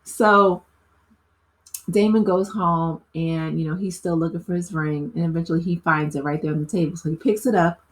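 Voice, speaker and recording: A woman's voice: fairly low pitch, steady tone, moderate pace. A woman casually recapping a TV episode for her channel, talking in a loose way with lots of "you know" and "like" and frequent laughs. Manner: chatty, filler-heavy with frequent "you know" and "like"; laughs often while talking.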